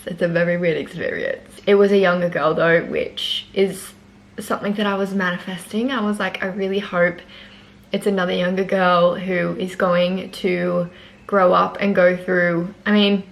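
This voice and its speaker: A woman's voice: on the low side, fairly even intonation, normal speed, gravelly, low-quality recording. A young woman, chatting casually to camera at home in a giggly vlog. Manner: chatty and giggly, says "like" often. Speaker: vlogger.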